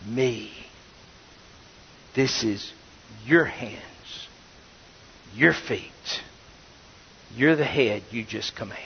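A man preaching a sermon as pastor, swinging between loud bursts and hushed asides. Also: medium pitch, vocal fry, slight background noise. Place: church sanctuary. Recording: dull, reverberant sanctuary audio.

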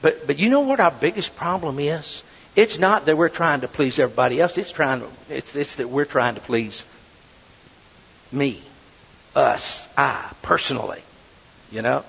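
Male preacher, fairly high-pitched, muffled sound in a reverberant sanctuary. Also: lively intonation, moderate pace, creaky, slightly rough. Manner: preaching with sudden swings between loud and hushed. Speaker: pastor. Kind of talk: sermon. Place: church sanctuary. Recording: dull, reverberant sanctuary audio.

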